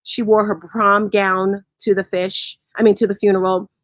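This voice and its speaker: A woman's voice: mid-range voice, flat delivery, moderate pace, dry recording. A woman hosting a motivational morning show, telling stories with lots of energy and laughing easily. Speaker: host. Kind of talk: motivational talk on a live audio room.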